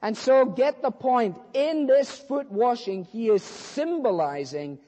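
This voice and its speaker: A man preaching a sermon, animated as he acts out dialogue between biblical figures. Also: very high-pitched, slow pace. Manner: animated storytelling, acting out dialogue. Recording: long reverb of a hall.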